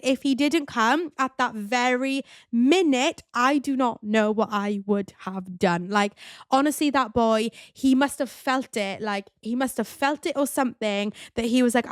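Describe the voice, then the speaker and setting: A woman, telling a personal story in a chatty, animated way with lots of "like" and "you know". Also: a little high, no room sound, studio quality. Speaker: podcast host. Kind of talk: casual storytelling monologue.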